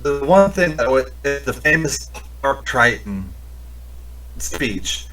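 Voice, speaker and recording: A man's voice: mid-range voice, sing-song, slow, a bit bright, faint music behind. A man co-hosting a podcast, chatting casually and profanely about a horror movie and laughing as he retells scenes. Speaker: podcast co-host.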